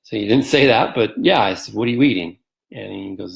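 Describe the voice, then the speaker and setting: Low, gravelly man on a casual livestream. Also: brisk, rough recording. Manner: rambling, with many ums and restarts; acts out quotes in a livelier voice. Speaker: host answering viewer comments. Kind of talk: casual live-stream talk.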